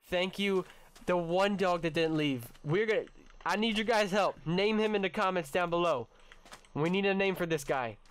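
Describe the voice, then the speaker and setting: A young man hosting a let's-play, chatting excitedly with his viewers and his pet, cursing when startled. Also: sits high, clean tone. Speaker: gaming channel host. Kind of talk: casual let's-play commentary.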